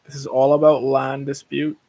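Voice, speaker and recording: A man's voice: medium pitch, monotone, normal speed, vocal fry, dark tone, rough recording. A tired man hosting a casual livestream, rambling and blunt, breaking into rants. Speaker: livestream host.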